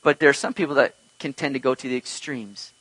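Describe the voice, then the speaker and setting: A man's voice: mid-range voice, fast, fairly bright tone, husky, dry recording, low-quality recording. A man preaching an earnest expository sermon as pastor, teaching emphatically with rhetorical questions.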